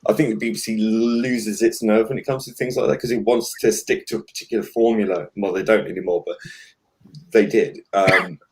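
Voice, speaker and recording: Low-voiced man, hesitant and opinionated. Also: steady tone, brisk. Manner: hesitant, many restarts and fillers, opinionated. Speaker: podcast host. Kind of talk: casual chat.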